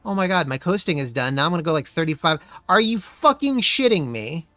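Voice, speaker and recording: A man commentating his own racing game live, swearing freely in an exasperated rant with sudden shouted bursts. His bright voice rises and falls all over, and it sits very dry and close to the mic. Faint game music plays underneath. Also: fairly high pitch, sing-song, brisk, no room sound. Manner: profane, exasperated ranting with sudden yelled outbursts. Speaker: streamer.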